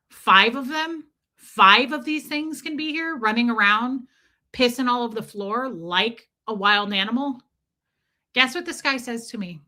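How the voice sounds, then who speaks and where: A woman hosting a casual livestream, telling a story in an animated, profane ranting way and answering chat comments. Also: a little high. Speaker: livestream host.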